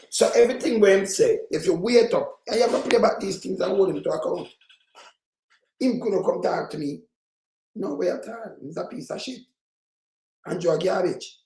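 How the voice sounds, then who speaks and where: High-voiced Jamaican man ranting angrily. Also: a little mellow, roomy sound. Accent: Jamaican Patois. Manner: heated, profane, scolding rant. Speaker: political commentator. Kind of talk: reaction commentary on played clips.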